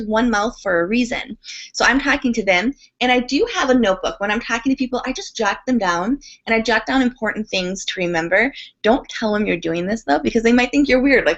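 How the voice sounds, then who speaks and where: A woman talking as a guest in a podcast interview, telling a story in a chatty, animated way with quick asides. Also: fairly high pitch. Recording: dull lo-fi sound.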